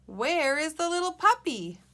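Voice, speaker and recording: A woman voicing a worried little girl looking for a lost puppy, in a high, emphatic storybook voice. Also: little pitch movement, very slow, pushed and bright, smooth, full character voice.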